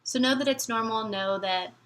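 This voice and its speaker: A young woman vlogging about her fears as a military spouse, rambling and halting, near tears. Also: on the high side, fairly bright tone, a little hiss or hum. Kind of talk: emotional personal vlog talk.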